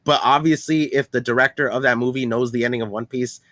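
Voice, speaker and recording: A man co-hosting a podcast, talking excitedly about manga in casual chat, with lots of fillers. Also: mid-range voice, quick pace, no room sound. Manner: excitable, many filler words and restarts. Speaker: podcast co-host.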